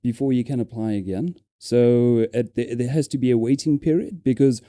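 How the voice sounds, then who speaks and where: A man's voice: mid-range voice, normal speed, warm tone, no echo, clean studio sound. A man with a South African accent, chatting casually on a live stream, hesitant with many ums and repeated words.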